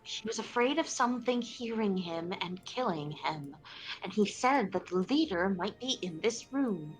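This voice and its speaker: A woman's voice: medium pitch, expressive, a little slow, soft background music, poor audio. A woman playing in a tabletop game, flustered and frustrated at her setup. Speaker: player. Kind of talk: casual tabletop game chat.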